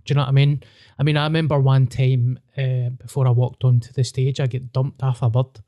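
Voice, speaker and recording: A man's voice: medium pitch, little pitch movement, a little fast, mellow, no echo, clean studio sound. A Scottish man who is a stand-up comedian, chatting on a podcast in a blunt, self-mocking way. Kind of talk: casual podcast chat.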